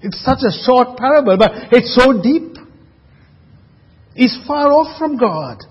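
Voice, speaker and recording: A high, husky male voice preaching, throwing out rhetorical questions and sinking to a near-hush on key words. The sound is dull and lo-fi, with long reverb from a church hall. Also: lively intonation, a little slow. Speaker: pastor. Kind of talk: sermon.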